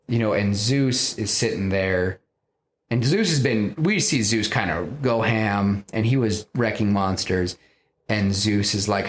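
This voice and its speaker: A man hosting a podcast, casually pitching a film story in a rambling way, full of fillers. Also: unhurried, a little hiss or hum. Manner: rambling, many fillers like "you know".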